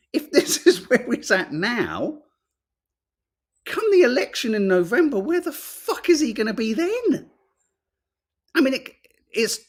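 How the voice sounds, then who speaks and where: A man co-hosting a podcast, reading out headlines and reacting with laughter and swearing. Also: a little high. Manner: animated, swearing, laughing, mock voices. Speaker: podcast co-host reading newspapers. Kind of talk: casual chat.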